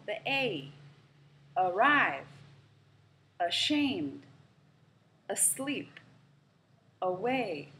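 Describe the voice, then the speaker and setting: Woman teaching pronunciation really slowly, spelling out stress in words, bit of background hum. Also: medium pitch. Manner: slow, careful demonstration of word stress. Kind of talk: instructional video lesson.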